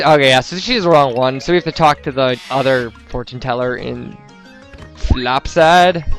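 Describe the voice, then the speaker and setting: A man's voice: a little high, lively intonation, unhurried, a bit bright, faint music behind. A young man giving casual, rambling gameplay commentary, full of "um"s and joking asides. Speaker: let's player.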